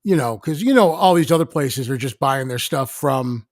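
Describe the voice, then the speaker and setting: A man's voice: medium pitch, lively intonation, normal speed, dry recording, studio quality. A married man co-hosting a casual food podcast, easygoing, often repeating words as he starts. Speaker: podcast co-host. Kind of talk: casual chat.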